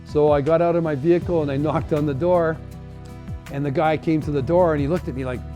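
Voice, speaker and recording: A man from Canada tells a personal story in a halting, reflective way, full of fillers and restarts. His voice has a mellow, dark tone. Soft guitar music plays faintly underneath. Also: fairly high pitch, steady tone. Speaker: humanitarian volunteer.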